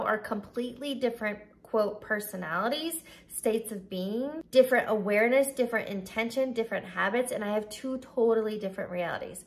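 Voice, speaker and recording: A woman's voice: on the high side, fairly bright tone. A woman in her thirties, a life coach, giving an emphatic motivational talk straight to the viewer, listing words one after another. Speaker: life coach and podcast host. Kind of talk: motivational video talk to camera.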